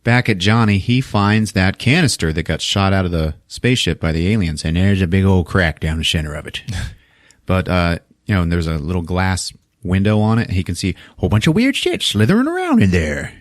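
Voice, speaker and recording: A man hosting a podcast, retelling a film plot in a casual, animated and profane way and acting out the characters. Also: sits low, fairly quick, dry recording, clean studio sound. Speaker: podcast host.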